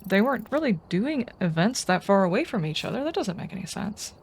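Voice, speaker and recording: A woman's voice: mid-range voice, sing-song, fairly quick, a little hiss or hum. A woman streaming a game, chatting casually and rambling as she answers her viewers' comments. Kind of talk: casual live-stream chat.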